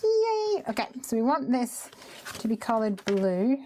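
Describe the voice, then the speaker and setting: A woman's voice: on the high side, normal speed, warm tone, slight background noise. A woman hosting a live craft stream, chatting casually and talking herself through each step as she works. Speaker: crafting host.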